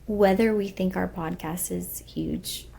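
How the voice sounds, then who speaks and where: Brief: young woman podcast co-host, husky with gravelly fry, earnest and rambling. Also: on the low side, steady tone, slow pace, mellow. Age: young adult. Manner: earnest, rambling with many fillers. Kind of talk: casual emotional chat.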